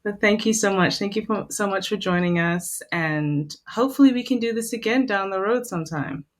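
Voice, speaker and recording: A woman hosting a podcast, thanking her guest warmly and sounding moved. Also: medium pitch, fairly quick. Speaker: podcast host. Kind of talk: casual interview chat.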